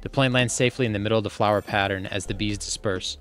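A man's voice: fairly low pitch, fairly even intonation, fast talker, a bit bright, clear, resonant tone, soft background music. Man reading a script aloud, bursts of mock panic. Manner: reads every part in a barely changed voice with bursts of mock panic. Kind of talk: comic script read-through.

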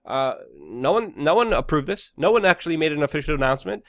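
A man's voice: a little high, expressive, fast talker, few pauses, a bit bright, no room sound, clean studio sound. A man giving heated, opinionated news commentary, ranting with many fillers and restarts. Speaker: political commentary host.

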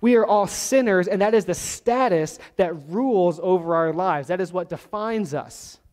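A man preaching a sermon as pastor, teaching verse by verse and slowing down to stress key words. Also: sits high, darkish tone. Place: church sanctuary. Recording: long hall reverb.

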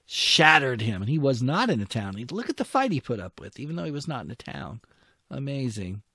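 A very animated gameplay commentator with a mid-range, sharp-toned voice speaks briskly on a clean studio recording with no room sound. He talks to his units in his own strategy war game, muttering and self-talking, and grumbles when attacks falter.

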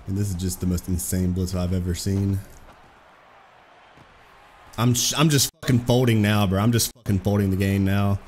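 A young man giving excitable, profane live commentary over his own football video game match, trash-talking his opponent. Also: low-pitched, moderate pace, long pauses, a little hiss or hum. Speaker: gaming streamer.

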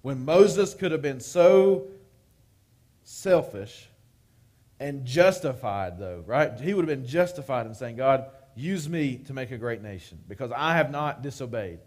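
A man's voice: mid-range voice, expressive, unhurried, a little mellow. A man preaching a live-streamed sermon, talking conversationally and often checking in with "right?". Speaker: pastor.

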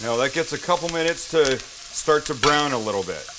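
A man's voice: on the high side, expressive, normal speed, background noise. A man hosting a casual cooking demonstration, chatty and enthusiastic as he walks the viewer through each step. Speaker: cooking show host.

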